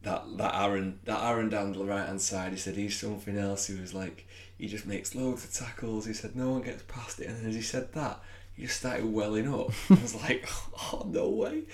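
A man's voice: fairly low pitch, little pitch movement, brisk. A man co-hosting a football podcast, chatting loosely, rambling and laughing at himself. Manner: rambling, self-mocking, laughs often. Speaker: podcast co-host. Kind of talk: casual chat.

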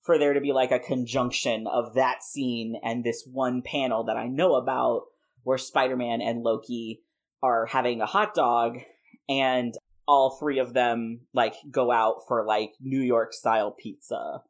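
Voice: mid-range voice, fairly even intonation, a little slow. A podcast host in a casual chat, playfully rambling through a made-up comic plot with lots of "like" fillers. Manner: playful, rambling, frequent laughs and many "like" fillers.

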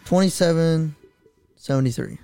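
A young man co-hosting a casual sports podcast, dropping quick one-liners. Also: fairly high pitch, vocal fry, mellow, clean tone, faint music behind. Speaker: podcast co-host.

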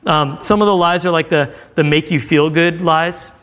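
A youth pastor gives a sermon in a loose, chatty way, turning to the room with questions. His voice sits a touch higher than most men's. He slips into quoted voices as he goes. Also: steady tone, normal speed, fairly bright tone, clear, resonant tone. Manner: conversational, acting out quotes, asks the crowd questions. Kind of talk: sermon to a live audience. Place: church room with audience.

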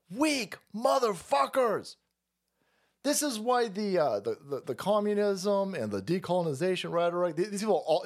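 A man hosting a livestream, ranting in a profane, mocking and abrasive way. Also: high-pitched. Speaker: streamer host. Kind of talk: livestream rant.

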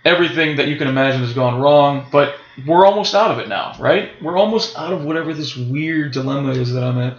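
A man's voice: fairly high pitch, brisk, few pauses, roomy sound, muffled recording. A man who wrestles for a living tells a story casually and animatedly, often checking in with his listeners. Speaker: guest, professional wrestler.

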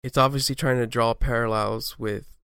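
Podcast co-host, male, smooth resonant voice, thoughtful casual analysis, dry sound. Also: medium pitch, steady tone, moderate pace, a bit bright, no echo. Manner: thoughtful, hedging, many restarts.

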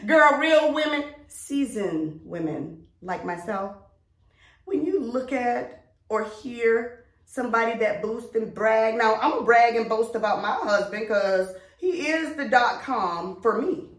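A middle-aged woman talks in a casual podcast chat, emphatic and a little preachy, her voice set slightly high. She sits back from the mic in an echoey room. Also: animated, recorded from a distance. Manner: emphatic and preachy, drawn-out words. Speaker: podcast co-host.

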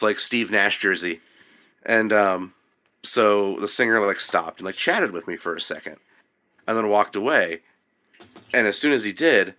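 Man, young adult, low-ish voice, bright tone, swears a lot, animated casual storytelling. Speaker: podcast guest.

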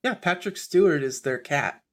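A man's voice: fairly high pitch, moderate pace, a bit bright. A man co-hosting a podcast in casual chat, making short, dry remarks. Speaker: podcast co-host.

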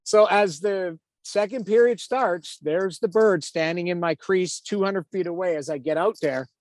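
Animated man telling a story. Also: high voice, moderate pace, no room sound. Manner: animated, acts out quotes, lots of "like". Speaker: former pro hockey goalie and TV analyst. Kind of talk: casual storytelling in an interview.

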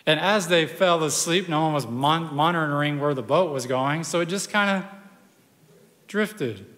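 A pastor preaching a sermon, telling the story in a conversational, animated way with personal asides. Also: male voice, on the high side, moderate pace, big-room sound.

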